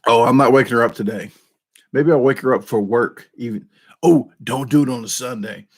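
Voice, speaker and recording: A man's voice: medium pitch, brisk, breathy edge. A man hosting his own channel in casual, rambling chat, talking into a desk microphone and joking at his own expense. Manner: rambling, self-deprecating, with frequent restarts. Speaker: YouTube channel host.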